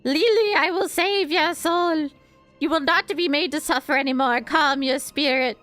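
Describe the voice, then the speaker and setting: A kind young exorcist girl, voiced by a woman reading along, pleading gently in a bright, lifted tone over soft game music. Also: high voice, normal speed, pitched above the performer's own voice.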